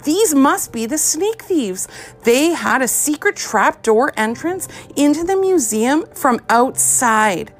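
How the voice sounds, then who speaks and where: A woman narrating a children's storybook aloud with expressive, lively storytelling. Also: sits high, slow pace. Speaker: audiobook narrator.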